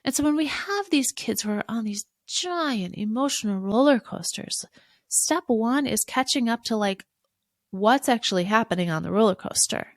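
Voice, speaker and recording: Gravelly-voiced woman coaching parents. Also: on the high side, lively intonation, normal speed, no echo, studio quality. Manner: warm, coaching, acts out soothing lines to a child. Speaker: podcast host, parenting coach. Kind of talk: solo podcast teaching.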